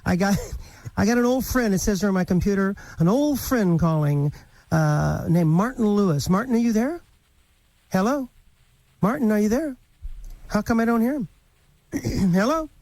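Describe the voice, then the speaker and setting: A man, hosting a live morning radio show in a playful, jokey way with quick laughs. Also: high-pitched, animated, a little mellow, no echo, low-quality recording. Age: 50s.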